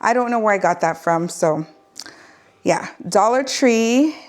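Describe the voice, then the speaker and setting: A woman's voice: mid-range voice, expressive, a little slow. A woman vlogger chatting casually through a home decor haul, rambling and correcting herself as she goes.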